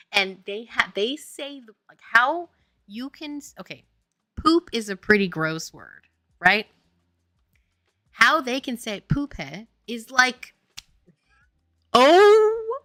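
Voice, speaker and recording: A young woman hosts a casual livestream, gushing and giggling with enthusiasm. Her voice bounces all over and sounds bright and forceful. The sound is close and dry. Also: mid-range voice, dry recording. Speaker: indie game developer and stream host.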